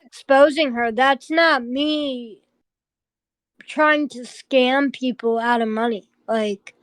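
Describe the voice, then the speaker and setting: A woman on a voice call hits back at accusations in a very high voice, curt and defensive. Her sound is dry and close, with no room around it. She swears freely and keeps her answers short. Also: takes it slowly, no echo. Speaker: co-host of the chat server. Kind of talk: heated group voice call. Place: online voice call.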